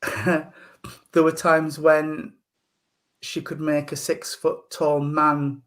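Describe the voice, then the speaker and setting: A man working as a medium, giving a psychic reading in a gentle, hesitant way full of ums and endearments. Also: on the high side, completely flat delivery, drawn-out words. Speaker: spiritual medium.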